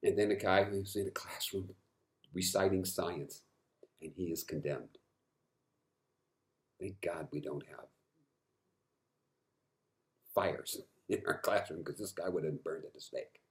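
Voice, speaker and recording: A man speaking to camera in an impassioned monologue, frustrated, swinging from quiet stretches to loud emphatic outbursts and repeating words when worked up. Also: sits low, a little slow, long pauses. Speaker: vlogger.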